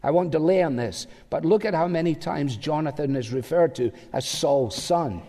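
A man's voice: a little high, expressive, normal speed, mellow. A man preaching a sermon as pastor, emphatic and full of rhetorical questions. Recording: long hall reverb.

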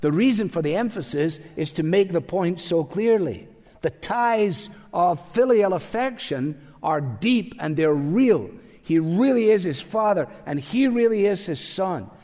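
A man's voice: sits high, animated, measured pace, dark tone. A man preaching a sermon as pastor, emphatic and full of rhetorical questions. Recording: long hall reverb.

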